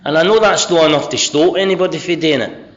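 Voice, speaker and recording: A middle-aged man from Scotland talks quickly about his recovery at a convention, his Scottish-accented voice on the high side and a bit bright. The share is blunt, profane and self-mocking, captured in a dull lo-fi recording.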